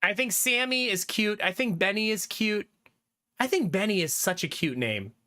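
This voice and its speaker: Lively, bright-voiced male streamer. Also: high-pitched, normal speed. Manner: chatty, laughs often, reads chat aloud. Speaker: livestreamer. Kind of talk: casual chat with stream viewers.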